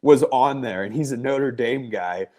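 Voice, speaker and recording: A man's voice: medium pitch, measured pace, dark tone. A man hosting a sports talk podcast, leading the chat with joking banter. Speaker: podcast host.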